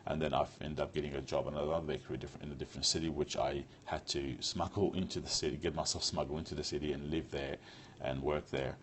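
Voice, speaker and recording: Man, extremely deep voice, candid storyteller, restarts phrases, faint background noise. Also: steady tone, fast talker. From Iraq. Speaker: speaker telling his life story. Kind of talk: unscripted storytelling talk to an audience.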